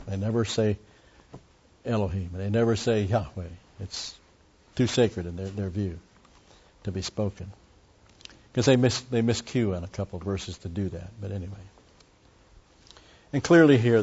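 A man's voice: fairly low pitch, mellow, breathy edge, lo-fi sound. A man preaching an expository sermon in a conversational way, with frequent asides and restarts. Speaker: pastor.

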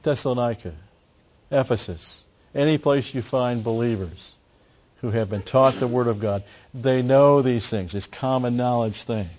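A man's voice: mid-range voice, measured pace, a little mellow. A man teaching a Bible study, explaining words closely and driving points home with emphatic repetition. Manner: emphatic, repeats key phrases. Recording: dull lo-fi recording.

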